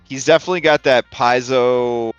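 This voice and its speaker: A man's voice: medium pitch, fairly even intonation, normal speed, smooth, no echo, lo-fi sound, soft background music. A man running a tabletop game as game master, narrating in a laid-back, jokey way with casual swearing.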